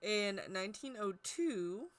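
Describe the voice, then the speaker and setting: A woman's voice: medium pitch, expressive, takes it slowly. A woman giving a casual, chatty history talk on tarot, stumbling over hard names and poking fun at herself. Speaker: tarot teacher.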